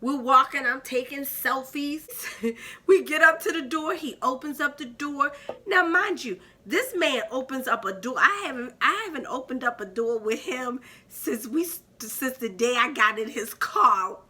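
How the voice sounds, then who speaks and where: A woman in her fifties telling a personal story to her viewers in a casual vlog, animated and laughing often as she talks straight to the audience. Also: sits high, a little slow. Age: 50s. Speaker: vlogger.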